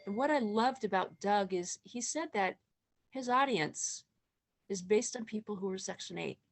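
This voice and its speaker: A woman's voice: medium pitch, expressive, normal speed. A woman guest on a casual video call, talking enthusiastically about her show.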